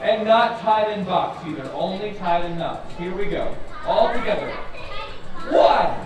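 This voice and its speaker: At a live show in an orchard, a man with a high-sitting voice talks at normal speed as a children's magician. Playful and chanting, he pretends to be surprised; the sound is remote and echoing, mixed with music and crowd.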